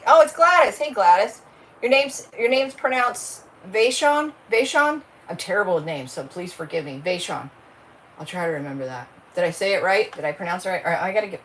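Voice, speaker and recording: A woman chats her way through a crafting livestream in a fairly low voice, rambling from one thought to the next and calling out to viewers by name. Faint room noise sits behind her. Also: poor audio. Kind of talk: casual livestream chat.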